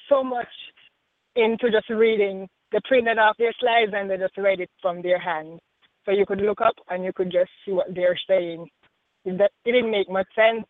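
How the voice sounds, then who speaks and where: Critical student on a dry phone line. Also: female voice, medium pitch, no room sound. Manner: critical, matter-of-fact. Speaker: student panelist. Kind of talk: radio panel discussion over a phone call.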